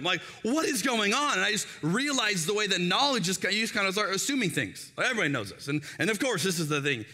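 Lively bright-voiced male pastor preaching. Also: high-pitched, quick pace. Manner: animated storytelling, acts out quoted voices. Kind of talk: sermon. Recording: long hall reverb.

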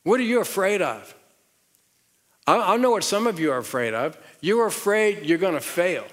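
Southern-accented pastor preaching in a hall. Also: male voice, high-pitched, animated, moderate pace, fairly bright tone. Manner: conversational, repeats words, rising emphasis. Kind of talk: sermon. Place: large church auditorium. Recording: long hall reverb.

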